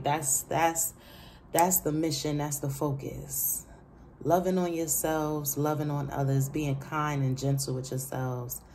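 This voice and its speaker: A woman's voice: very deep voice, mellow, slight background noise. A woman doing a casual tarot reading, chatty and emphatic, who repeats her phrases, laughs between remarks and speaks straight to her viewers. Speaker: tarot reader.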